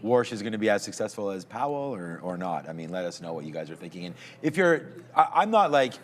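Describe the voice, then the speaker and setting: A lower-pitched man co-hosts a live market show in loose, rambling chat. He keeps the tone conversational and easygoing as he walks viewers through rate odds. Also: sing-song, fast. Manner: rambling, conversational, chuckles at himself.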